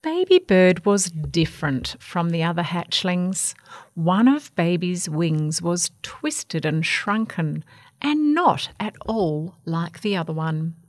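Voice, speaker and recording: A woman reading a children's picture book aloud in an expressive, animated way. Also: on the low side, takes it slowly, dry recording, clean studio sound. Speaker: storyteller.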